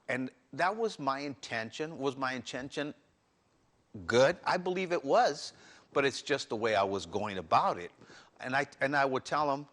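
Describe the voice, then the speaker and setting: A man's voice: mid-range voice, animated, normal speed, a bit bright. A man speaking as a guest on a faith talk show, candidly telling his own story with earnest restarts. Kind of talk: personal testimony in interview.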